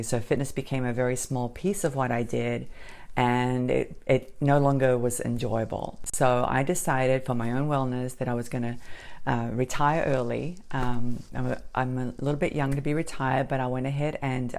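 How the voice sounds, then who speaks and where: A woman's voice: very deep voice, darkish tone. A middle-aged woman with a faint Australian accent blended with American, chatting casually to camera about herself, with many ums and restarts. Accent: light Australian mixed with American. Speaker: jewelry maker and channel host.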